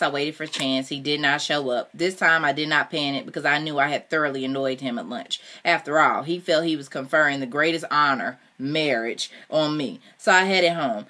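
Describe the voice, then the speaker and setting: Low-voiced woman reading a book out loud, steady first-person telling. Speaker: audiobook reader. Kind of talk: reading a novel aloud.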